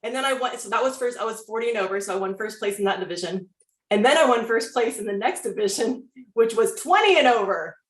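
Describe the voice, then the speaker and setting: A woman in her forties telling her own life story as a wellness coach, animated and acting out her past reactions. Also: on the high side, quick pace. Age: 40s. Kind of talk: personal testimony talk. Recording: echoey room.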